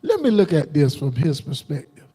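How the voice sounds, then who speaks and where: A man preaching a combative, defiant sermon on a livestream, jumping into sudden high outbursts. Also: big pitch swings, moderate pace, mellow, breathy edge. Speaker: preacher streaming live.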